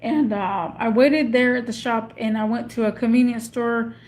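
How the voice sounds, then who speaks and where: A woman's voice: on the high side, fairly even intonation, normal speed, a little mellow. A woman vlogging from her car in a casual, rambling monologue, often stopping to search for words. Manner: chatty, meandering, searches for words. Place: in or beside a parked car.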